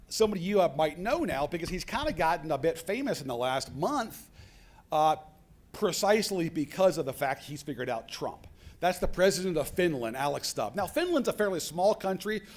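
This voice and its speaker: A man giving a storytelling speech at a business conference, acting out the dialogue he quotes. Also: fairly high pitch. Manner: animated, acts out quoted dialogue. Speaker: keynote speaker. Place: conference hall.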